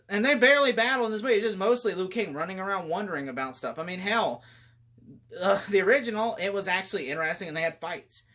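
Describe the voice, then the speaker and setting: A man giving a casual, rambling movie review, animated and laughing often as he talks. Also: high voice.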